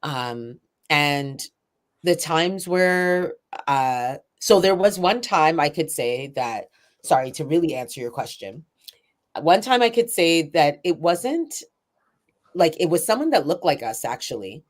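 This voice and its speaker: A woman poet and event organizer talks through her story in a low voice. She is candid and self-described shy, drifting through fillers and soft laughs as she thinks aloud. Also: expressive, a little slow. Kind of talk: reflective interview conversation.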